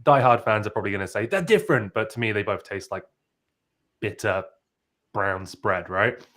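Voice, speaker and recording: A man's voice: on the low side, steady tone, normal speed, sharp tone. A man in his twenties with a British accent and a slight Australian twang, chatting casually as a guest and laughing easily. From United Kingdom. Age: 20s. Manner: chatty, laughing, many restarts. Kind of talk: casual video chat.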